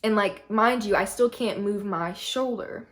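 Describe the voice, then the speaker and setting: A young woman vlogger shares something personal, chatting casually and leaning heavily on "like." Her medium-pitched voice is unhurried and fairly bright, over faint background music.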